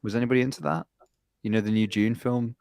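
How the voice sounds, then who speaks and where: A man's voice: medium pitch, fast, creaky, a little mellow, no echo. A man co-hosting a podcast, telling rambling, profane stories in casual chat. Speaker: podcast co-host.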